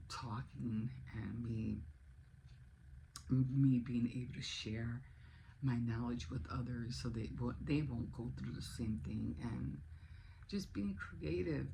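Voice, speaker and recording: A woman's voice: rumbling low, vocal fry, background noise. A woman in her sixties chatting casually in a vlog, rambling along with many restarts. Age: 60s. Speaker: vlogger. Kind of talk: casual chat.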